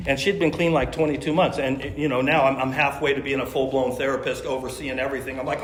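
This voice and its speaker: A man's voice: on the high side, fast, hardly any pauses, noisy background. Slangy storytelling man in echoey room. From California. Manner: casual slangy storytelling, acts out quotes. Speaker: recovery meeting speaker. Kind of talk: personal recovery story. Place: meeting room. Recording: echoey meeting room, faint ambience.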